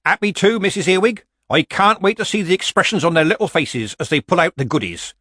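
A man's voice: medium pitch, wildly swooping pitch, fairly quick, a bit bright, no room sound, clean studio sound, pitched above the performer's own voice. A man voicing a stern older woman witch who speaks with a strange, falsely nice edge. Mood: falsely sweet.

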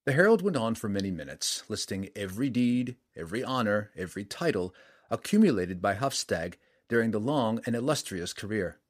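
A man reading a saga aloud in steady, measured scripted narration. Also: lowish voice.

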